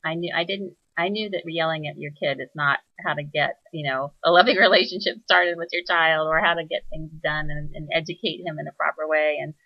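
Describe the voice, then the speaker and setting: A woman hosting a reflective spoken monologue, soft-spoken and searching, pausing often with fillers as she thinks aloud. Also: low-pitched, steady tone, dry recording, lo-fi sound. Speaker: spiritual teacher.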